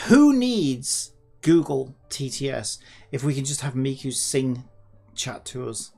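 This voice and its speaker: A person hosting a casual coding vlog, thinking aloud in an excitable, rambling way, pleading with the computer and sometimes dropping to a muttered whisper. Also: mid-range voice, slow pace, gravelly, music in the background. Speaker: hobbyist developer and channel host.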